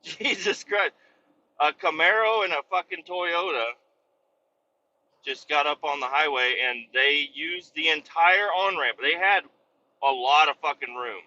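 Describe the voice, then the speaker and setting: A man's voice: a little high, measured pace, sharp tone. A man who drives a truck, ranting and telling stories in a casual driving vlog, swearing constantly. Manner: profane, heavy swearing, exasperated storytelling. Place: inside a moving truck cab. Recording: dull lo-fi recording with road noise.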